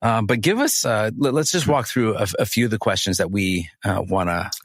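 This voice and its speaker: A man's voice: on the low side, expressive, a little fast, no room sound, clean studio sound. A man co-hosting a podcast who guides the conversation in an upbeat way and laughs easily. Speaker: podcast co-host.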